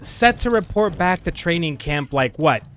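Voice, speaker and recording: A man's voice: a little high, expressive, moderate pace, fairly bright tone. A man streaming a game, chatting casually with viewers, rambling and laughing often. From United States. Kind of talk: casual gaming stream chat.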